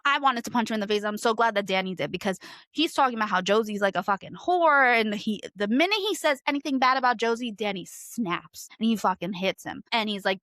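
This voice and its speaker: A woman's voice: mid-range voice, lively intonation, brisk, a bit bright, no echo. Woman ranting animatedly, swearing freely. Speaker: book reviewer. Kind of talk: casual book review chat.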